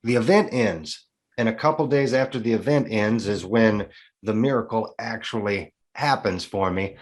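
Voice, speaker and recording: A man in his forties telling a personal story as an interview guest, earnest and animated, acting out dialogue as he goes. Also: fairly low pitch, normal speed. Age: 40s.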